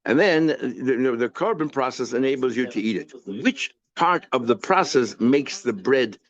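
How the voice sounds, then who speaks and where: A rabbi teaching a daily Talmud page in a casual lecture, asking questions and answering them himself, mixing English with Hebrew and Yiddish terms. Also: male voice, mid-range voice, animated, moderate pace, lo-fi sound.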